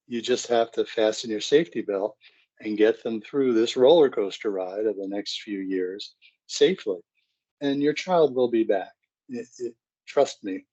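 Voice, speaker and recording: A man's voice: on the low side, mellow, highs cut off. A middle-aged man, a psychologist, giving a conversational parenting seminar and acting out family scenes.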